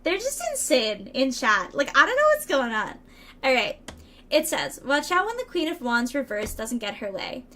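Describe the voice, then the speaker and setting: A woman with a high voice talking through a live tarot reading. She reads each card's meaning aloud, then drifts into chatty asides to her viewers, stumbling over words and laughing it off. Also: very animated, moderate pace, sharp tone. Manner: chatty, playful, reads card texts aloud and riffs with chat. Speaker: streamer doing tarot readings.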